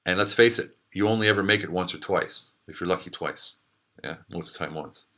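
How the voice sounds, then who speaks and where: A man's voice: deep voice, a little fast, a bit bright. A middle-aged man in a recorded video message, talking about network marketing in an emphatic, motivational way, often restarting and repeating words. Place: Zagreb.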